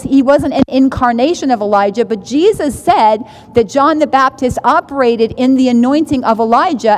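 Woman teaching bible verses, kinda high voice, chatty, keeps asking "right?", echo hangs in the room. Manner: conversational, restarts phrases, asks "right?".

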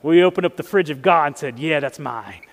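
A man's voice: a little high, a little fast, long reverb tail. A man preaching a sermon in a conversational way, often checking in with his listeners. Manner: conversational, asks the audience often. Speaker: pastor.

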